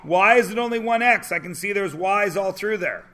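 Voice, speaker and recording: A man's voice: sits high, moderate pace, bright, forceful tone. A man teaching a math class, joking and punning, quizzing students with call-and-response. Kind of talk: classroom lecture.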